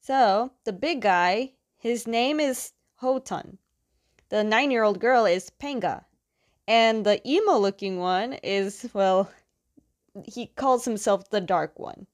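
This comic book reviewer, a young woman, talks slowly in a mid-range voice. Her plot recap is casual and rambling, sprinkled with lots of filler words.

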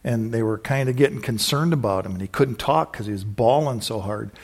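Exuberant rambling pastor, whooping. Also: male voice, mid-range voice, fairly quick, husky. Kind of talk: sermon with closing prayer.

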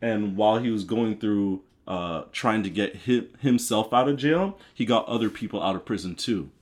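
A man's voice: on the low side, moderate pace. A man talking casually on a podcast, explaining things loosely with fillers. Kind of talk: casual chat.

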